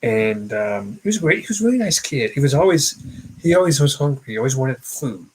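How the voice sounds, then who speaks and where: A young man co-hosting a casual chat show, telling personal stories in a halting way with many fillers and restarts. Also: medium pitch, lively intonation, a little hiss or hum, low-quality recording. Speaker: podcast co-host.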